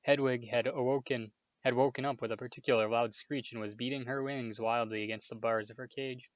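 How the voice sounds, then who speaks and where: Male audiobook narrator, steady plain reading; dull, dry close-mic sound. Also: medium pitch, fairly quick, no echo. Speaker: audiobook reader. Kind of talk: storybook narration. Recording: dull, dry home recording.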